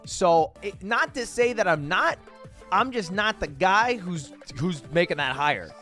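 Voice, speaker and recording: Young male streamer, high and bouncy delivery, casual banter with chat, faint music under a dry mic. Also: unhurried. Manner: animated, jokey, swears freely. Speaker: livestream host.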